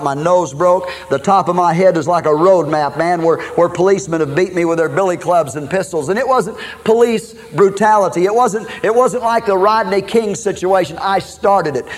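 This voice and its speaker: A middle-aged man from Minnesota preaching his own life story as a sermon, folksy and dramatic, often adding "man" and "okay". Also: high voice. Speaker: preacher giving his testimony. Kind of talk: sermon testimony.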